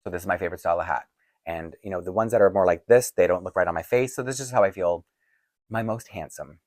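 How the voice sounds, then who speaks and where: Man, low voice, rambling casual talk, frequent laughs, tired voice, dry room. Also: fast, dry recording. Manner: chatty, rambling, laughs often, frequent restarts. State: voice getting tired. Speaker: doll collecting channel host. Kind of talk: casual Q&A chat to camera. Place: home filming set-up.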